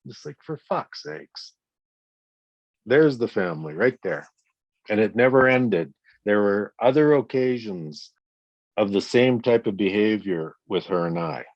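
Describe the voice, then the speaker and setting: A man's voice: fairly low pitch, lively intonation, unhurried, no room sound, highs cut off. A man in his sixties being interviewed, who tells his story bluntly and emphatically and swears often. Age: 60s. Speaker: guest, victim's father. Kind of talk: interview conversation.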